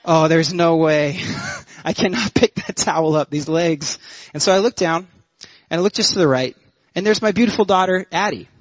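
A man's voice: high voice, brisk. A man in his thirties, a worship pastor, telling funny stories in a sermon and bantering with the congregation. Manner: animated, joking, audience banter. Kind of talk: humorous sermon storytelling. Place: church sanctuary. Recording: muffled church hall reverb.

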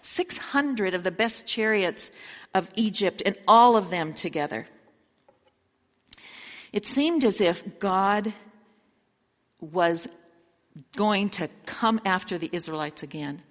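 A woman's voice: mid-range voice, lively intonation, takes it slowly, pauses often, a bit bright, big-room sound, muffled recording. A woman preaching a sermon, retelling the story dramatically and asking her listeners direct questions.

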